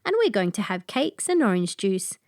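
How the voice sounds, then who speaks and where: A woman voicing a cheerful, helpful little girl in a children's storybook, speaking brightly and earnestly. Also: mid-range voice, very animated, moderate pace, no room sound, clean studio sound. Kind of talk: storybook character voice.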